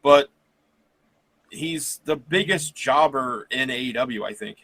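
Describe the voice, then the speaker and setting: A man's voice: mid-range voice, takes it slowly, bright, forceful tone, no echo. A man co-hosting a podcast, chatting casually about wrestling in a rambling way with frequent laughs. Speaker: podcast co-host. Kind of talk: casual wrestling review chat.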